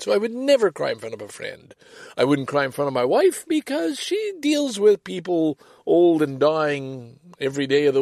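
A man's voice: on the high side, creaky, darkish tone, dry recording. An older man with a Canadian accent, hosting a podcast and talking through a candid, self-deprecating personal monologue with plenty of swearing. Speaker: podcast host.

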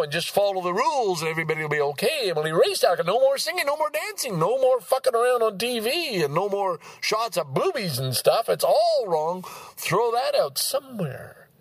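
Husky, profane man in his sixties ranting. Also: no room sound. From Canada. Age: 60s. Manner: profane, ranting, swings between loud outbursts and low mutters. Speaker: vlogger. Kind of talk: casual rambling monologue. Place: outdoors in a park.

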